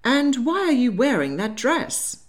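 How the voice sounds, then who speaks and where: A woman's voice: sits high, big pitch swings, unhurried, voice pushed up. A woman voicing a spirited young Regency lady, urgent and exasperated.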